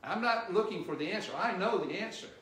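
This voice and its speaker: A male missionary preacher delivering a sermon, quizzing the congregation with questions and growing loud and emphatic at his peaks. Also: sits high, fast. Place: church sanctuary. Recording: roomy church echo, distant mic.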